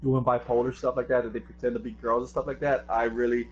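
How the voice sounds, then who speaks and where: A young man hosting a casual podcast talk, telling animated stories and saying bro a lot. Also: mid-range voice, quick pace. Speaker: streamer and podcast host. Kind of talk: casual chat, storytelling. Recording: dull lo-fi stream audio. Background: faint music.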